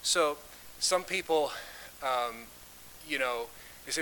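Bright-voiced man teaching a Bible study. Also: mid-range voice, fairly even intonation, normal speed, slight background noise, rough recording. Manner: conversational, poses questions to the group; reads scripture aloud with emphasis.

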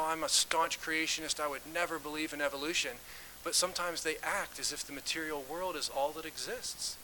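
A man's voice: mid-range voice, bright, forceful tone, slight background noise, poor audio. A man leading an interactive Bible study who talks conversationally, puts questions to the group and reads scripture aloud with emphasis.

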